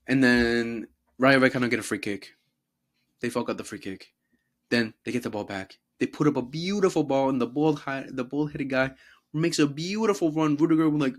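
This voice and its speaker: Brief: young male host, casual football rant, profane and animated, mid-pitched voice. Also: normal speed. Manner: profane, animated, mocks players in put-on voices. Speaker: podcast host.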